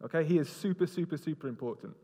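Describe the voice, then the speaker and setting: A man with a slightly high voice talks fast while preaching an interactive sermon in a large hall with long reverb. He's lively and jokey, kidding with volunteers and directing them around the stage.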